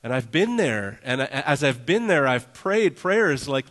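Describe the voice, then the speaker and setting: A man's voice: mid-range voice, very animated, measured pace, few pauses, a bit bright. A man preaching a conversational sermon as a pastor, earnest and casual, often saying "like" and acting out prayers in a raised voice.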